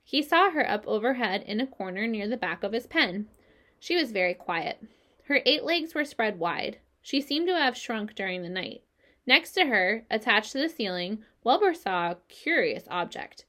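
A woman's voice: on the high side, big pitch swings, normal speed, sharp tone. Woman reading a storybook aloud. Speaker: audiobook narrator. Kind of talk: scripted storybook narration.

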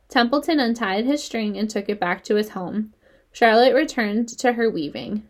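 A woman narrating a children's novel aloud in a clear, expressive storytelling manner. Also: fairly high pitch, normal speed.

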